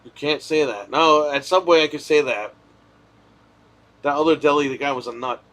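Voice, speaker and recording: Streamer host, man, bright forceful tone, swears freely, loose animated storytelling. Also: a little high, moderate pace. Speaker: streamer hosting a live Q&A. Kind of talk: casual live-stream chat.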